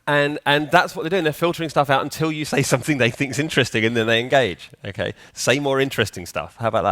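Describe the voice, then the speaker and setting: A man's voice: mid-range voice, quick pace, fairly bright tone. A man giving a live conference talk in a hall, chatty and joking, quizzing the audience. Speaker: conference speaker.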